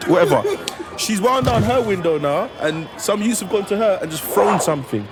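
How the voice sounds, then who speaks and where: A man's voice: high-pitched, expressive, a little fast. A young man with a London accent telling a comic story, acting out the voices of the people in it and laughing as he goes. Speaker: panel guest telling a story. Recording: music and laughing crowd behind.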